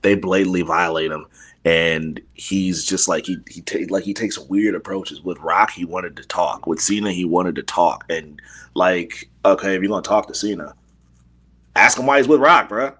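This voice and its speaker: Deep-voiced blunt man talking wrestling. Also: normal speed, a bit bright, slightly rough. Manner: blunt, profane, emphatic. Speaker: podcast co-host. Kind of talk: casual wrestling chat.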